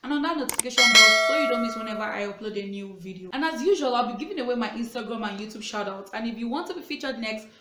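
A woman's voice: on the high side, expressive, rapid-fire, hardly any pauses, reverberant, very noisy. Gushing woman hosting a reaction video. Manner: gushing, enthusiastic fan talk.

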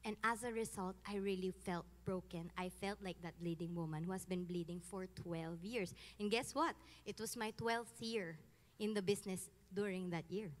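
Filipino woman, 30s, giving a testimony; lively and casual, reverberant hall. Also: mid-range voice, moderate pace. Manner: animated, switching between English and Tagalog, laughing often. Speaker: guest giving a faith testimony. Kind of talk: personal testimony, casual storytelling.

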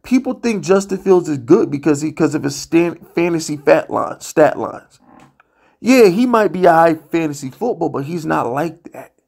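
A man's voice: fairly high pitch, animated, moderate pace, vocal fry, a little mellow. A man ranting bluntly and profanely as a sports vlogger, exasperated and worked up. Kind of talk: heated sports rant.

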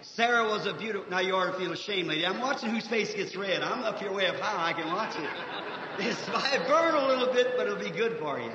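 Old-timey preacher guy, real high sharp voice, yells then goes quiet, muffled lo-fi tape in a big reverby hall. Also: expressive, brisk. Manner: folksy, fervent, swings between soft asides and shouting. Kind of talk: revival sermon. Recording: 1950s archive recording, echoey hall, dull lo-fi, faint hiss.

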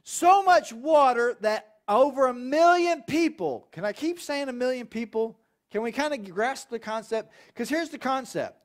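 High-voiced pastor preaching. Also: male voice, normal speed. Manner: animated storytelling with acted voices. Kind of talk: sermon. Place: church.

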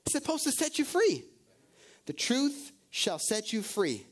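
A man's voice: very high voice, huge pitch swings, measured pace. A male pastor preaching a sermon, firing off rhetorical questions and calling out to the congregation. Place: church service.

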